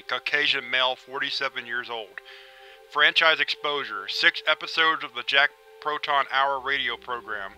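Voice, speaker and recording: A man narrating a scripted log and playing the interviewer in a dry, clinical, measured way. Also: mid-range voice, sharp tone, poor audio. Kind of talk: scripted audio-drama narration.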